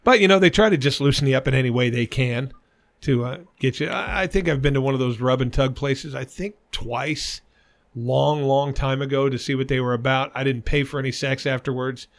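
Gravelly middle-aged man telling crude stories. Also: mid-range voice, brisk. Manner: crude, animated anecdote-telling with frequent swearing. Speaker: podcast co-host. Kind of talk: casual chat, storytelling.

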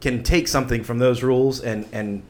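A man co-hosting a podcast, dropping deadpan jokes in casual chat. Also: medium pitch, normal speed. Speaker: podcast co-host.

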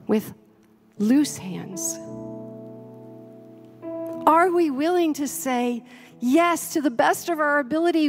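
A woman pastor preaching a sermon slowly and earnestly, then leading her congregation through a prayer. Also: high voice. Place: church sanctuary. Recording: long hall reverb, soft music behind.

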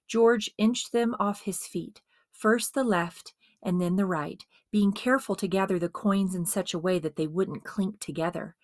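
Woman narrating an expressive story. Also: mid-range voice, unhurried, no room sound, clean studio sound. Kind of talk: dramatized audiobook narration.

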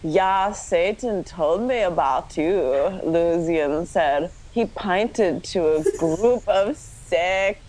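A woman's voice: fairly low pitch, slow pace, few pauses, a little mellow, a little hiss or hum. A woman podcast host doing a comic dramatic reading of a story, often breaking into laughter as she reads.

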